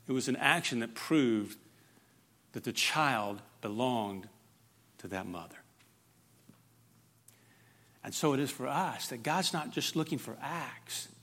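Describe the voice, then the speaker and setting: A man preaching a sermon, emphatic and dynamic, swinging from loud, fervent stretches to hushed, quiet ones. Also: mid-range voice, expressive, takes it slowly, pauses often, breathy edge. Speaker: pastor.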